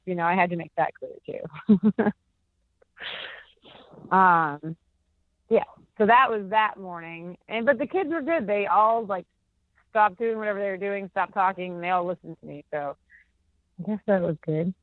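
A woman's voice: mid-range voice, normal speed, long pauses, no echo. Young woman rambling thru a story on a phone call, tons of "like", sounds thin and phone-y, totally dry. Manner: chatty, rambling, filler-heavy with many "like"s. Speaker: interview guest. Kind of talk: casual storytelling on a phone interview. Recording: tinny dry phone line.

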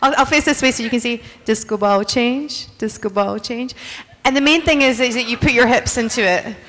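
A woman's voice: a little high, moderate pace, a bit bright. Playful woman coaching a crowd in a hall. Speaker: convention guest leading a dance. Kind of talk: lively live-audience banter. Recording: long hall reverb.

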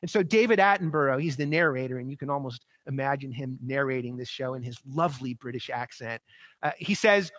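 A pastor preaching a sermon, building to emphatic peaks and dropping soft and low, with repeated rhetorical phrases. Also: male voice, a little fast, dry recording.

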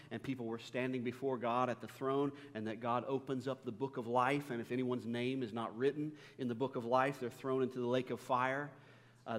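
A man's voice: mid-range voice, long reverb tail. A man, a pastor, preaching a sermon with humorous, self-deprecating stories.

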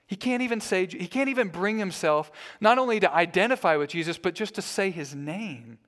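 A man's voice: high voice, animated, fairly quick, a bit bright. A man preaching a sermon as a pastor, telling stories in a conversational way.

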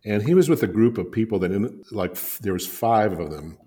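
An older man, appearing as a guest designer and author, tells anecdotes in conversation, rambling and chuckling with plenty of fillers. His voice is fairly low, expressive, mellow, and fairly quick.

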